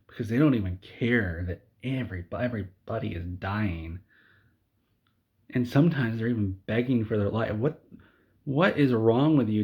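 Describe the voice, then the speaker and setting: A man's voice: on the low side, husky, lo-fi sound. A man delivering an exasperated comedic movie rant, stumbling over and repeating his words. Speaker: video creator.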